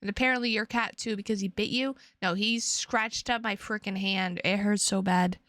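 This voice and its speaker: A woman's voice: mid-range voice, steady tone, normal speed, a bit bright, no room sound, studio quality. A young adult woman streamer chatting casually with her viewers, rambling and playful, often repeating her words.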